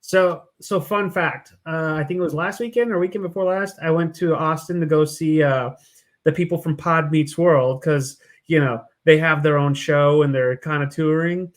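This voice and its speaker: A man's voice: a little high, steady tone. Easygoing man co-host. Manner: easygoing, chuckling, halting with fillers. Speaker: podcast co-host, chef. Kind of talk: casual chat.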